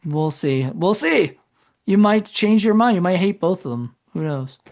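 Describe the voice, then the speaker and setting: This podcast co-host's voice sits high with a darkish tone, and he's animated while keeping a measured pace. His casual talk rambles, doubles back to correct itself, and trails off.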